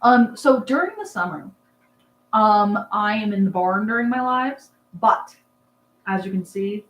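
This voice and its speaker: A woman's voice: mid-range voice, expressive, a little slow, a bit bright, roomy sound, poor audio. A young woman hosting a casual livestream, chatting and answering comments in a rambling, filler-heavy way. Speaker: livestream host, rabbit breeder. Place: dark barn at night.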